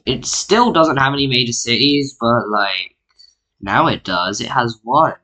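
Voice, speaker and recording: Unhurried yet forceful, with a bright, expressive tone at medium pitch, a mapping YouTuber talks over his screen recording about an alternate history. The commentary is casual, rambling and self-deprecating, packed with "like" fillers, and he comes across as weary.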